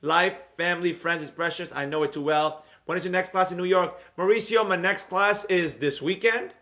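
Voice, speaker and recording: A man hosting his own live stream on trading, chatting loosely and answering viewer comments in a rambling, energetic way. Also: high voice, moderate pace. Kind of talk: casual live-stream chat reading comments.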